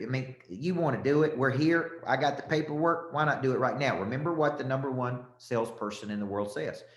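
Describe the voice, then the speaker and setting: A man's voice: medium pitch, roomy sound. A man with a Southern accent, a sales coach giving a punchy, repetitive motivational talk and calling out listeners by name.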